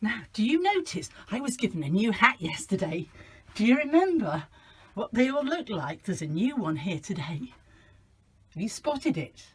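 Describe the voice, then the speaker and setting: A woman's voice: medium pitch, very animated, moderate pace, breathy edge. A woman playing a cheerful hat-collecting storyteller, chatting playfully with children. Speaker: children's club presenter. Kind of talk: children's show role-play.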